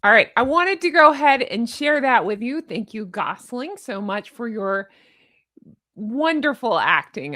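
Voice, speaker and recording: A woman's voice: mid-range voice, fairly bright tone, dry recording, studio quality. A woman hosting her channel, talking through a book recap in a casual, playful way and laughing often. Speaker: channel host.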